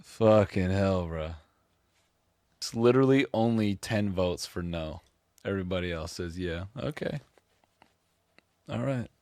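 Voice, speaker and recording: A man's voice: low voice, lively intonation, measured pace, long pauses, darkish tone, no echo. A man reacting casually on a live stream, laughing often and swearing freely.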